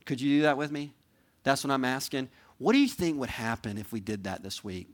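A male pastor closing a sermon in a conversational, heartfelt manner. He speaks at a middle pitch, coaxing and pleading with the congregation. His tone stays earnest and direct, often pausing to ask "right?".

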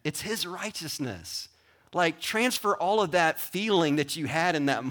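A man preaching a sermon as pastor, conversational and animated, with asides to the congregation. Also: on the high side.

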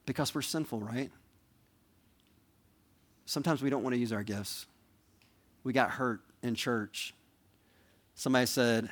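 A man's voice: mid-range voice, unhurried, pauses often. A male pastor delivering a sermon in an earnest, conversational way, pleading with listeners and checking in with "right?" and "okay?".

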